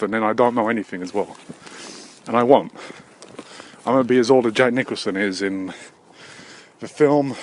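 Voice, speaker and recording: A man rambles to his handheld camera outdoors, crude and self-mocking, now and then breaking into silly shouted voices. His pitch sits in the middle of the male range. Faint outdoor ambience hums behind him. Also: slight background noise. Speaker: vlogger. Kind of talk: rambling solo vlog.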